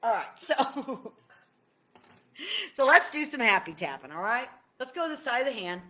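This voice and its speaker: Excitable woman coach, bright tense voice, swoops high and low, lively stream host. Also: normal speed, highs cut off. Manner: bubbly, excitable, chats to viewers by name. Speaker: tapping coach. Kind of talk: live-stream Q&A teaching.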